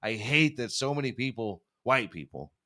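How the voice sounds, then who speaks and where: A man's voice: mid-range voice, lively intonation, moderate pace, sharp tone. A young man hosting a podcast, rambling and swearing freely, often laughing at himself. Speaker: podcast host. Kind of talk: casual chat.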